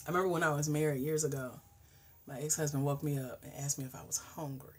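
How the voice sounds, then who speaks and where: Husky-voiced woman chatting live. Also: deep voice, fast talker. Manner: chatty and animated, swinging from hushed asides to loud exclamations. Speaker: host. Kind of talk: casual livestream chat.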